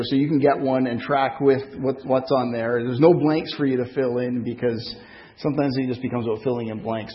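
A man's voice: mid-range voice, dull audio. A man with a French accent preaching a sermon in a church hall, talking conversationally and putting questions to the congregation. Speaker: pastor.

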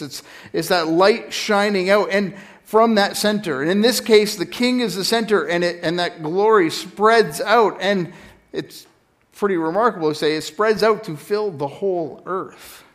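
A man preaching a sermon in a conversational teaching style, often stopping to correct himself. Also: high voice. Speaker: pastor.

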